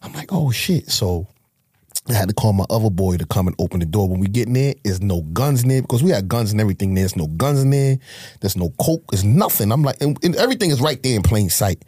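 A man's voice: quick pace, husky, no room sound, clean studio sound. A middle-aged man from Harlem, casually telling his life story in an interview, acting out the voices he quotes. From Harlem, New York. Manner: animated street storyteller, acts out quotes with big pitch jumps.

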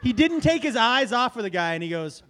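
Lively high-voiced storytelling man. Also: brisk. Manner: animated, laughing, profane storyteller. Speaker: podcast host and comedian. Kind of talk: casual chat, storytelling.

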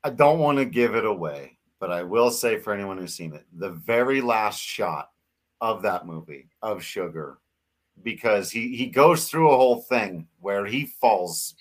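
A man's voice: fairly low pitch, expressive, unhurried. A man co-hosting a casual sports podcast, talking earnestly and getting emotional, with frequent laughs. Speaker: podcast co-host.

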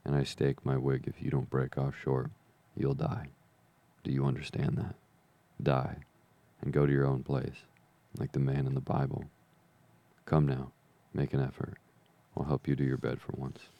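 A man's voice: rumbling low, completely flat delivery, normal speed, creaky, lo-fi sound. A man reading as a stern country doctor. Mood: warning. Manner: firm, warning tone.

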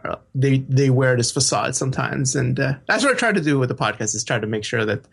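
A man with a gravelly, slightly husky voice, chatting as a guest on a podcast. He is relaxed and laughs easily, and he often stops and restarts his words as he talks. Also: mid-range voice, a little fast. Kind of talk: casual podcast chat.

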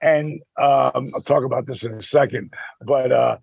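A man in his sixties co-hosting a podcast in casual chat, animated and quick to laugh. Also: mid-range voice, vocal fry, breathy edge, no room sound. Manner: animated storyteller, laughs often. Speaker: podcast co-host.

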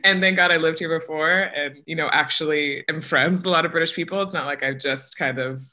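A woman's voice: deep voice, brisk, bright, forceful tone. An American woman, a stage actress, chatting casually in an interview, with lots of "like" fillers and frequent laughter. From United States. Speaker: musical theatre actress, guest.

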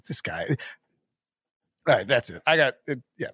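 A man in his thirties co-hosting a casual sports podcast, animated and ranting, mimicking the people he quotes. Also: medium pitch, measured pace, slightly rough, no room sound, clean studio sound. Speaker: podcast co-host.

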